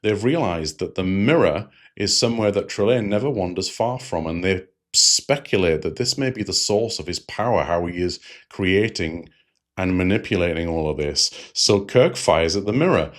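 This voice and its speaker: A man's voice: sits low, animated, normal speed. A man hosting a review channel, recapping an episode in a rambling, digressive way with frequent fillers.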